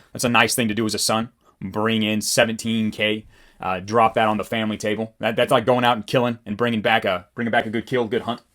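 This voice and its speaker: A man delivers a casual motivational lesson straight to camera, rambling and blunt, tossing out loose fillers. His voice sits on the low side and the words tumble out quickly. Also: a bit bright. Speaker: copywriting coach.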